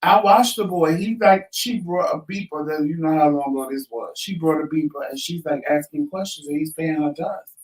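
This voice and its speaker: A man co-hosting a casual talk show, telling stories in a blunt, lively, profane manner. He sits a little away from the mic in an echoey room. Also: a little high, a little fast, hardly any pauses, far from the mic. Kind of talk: casual chat.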